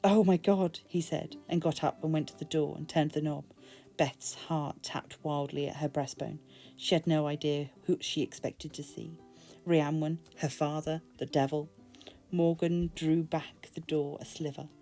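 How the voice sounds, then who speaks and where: Brief: British woman, expressive book narration, low-pitched and warm. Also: measured pace, faint music behind. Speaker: booktube reader. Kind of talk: reading a novel aloud.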